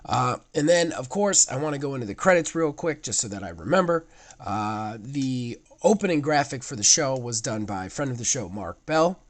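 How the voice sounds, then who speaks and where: A man with a raspy, sick, hoarse voice hosting a casual gaming podcast, rambling and swearing casually. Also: medium pitch, lively intonation, normal speed. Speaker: podcast host.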